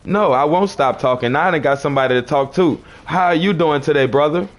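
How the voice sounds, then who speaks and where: On a livestream, a man with a fairly high voice talks a little fast, confronting chat commenters with preachy arguments and recycling the same phrases.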